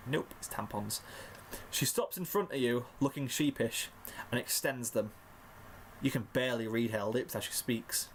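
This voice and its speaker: A man's voice: medium pitch, normal speed, slight background noise. A man narrating a second-person fanfiction story in a mock-dramatic way. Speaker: fanfiction reader.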